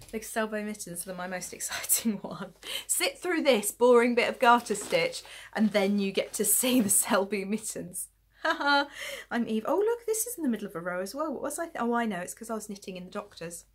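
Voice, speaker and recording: A woman's voice: a little high, very animated, brisk. A woman chatting casually about her knitting projects late at night, tired and yawning, rambling and poking fun at herself as she shows her work. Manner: chatty and rambling, self-deprecating, giggly. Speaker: knitting podcast host. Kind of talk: casual chat showing knitting to camera.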